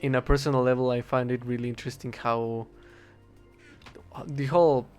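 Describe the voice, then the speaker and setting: A man's voice: mid-range voice, flat delivery, quick pace, soft background music. Rambling young man, hesitant and self-correcting. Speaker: English teacher. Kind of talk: casual rambling talk while gaming.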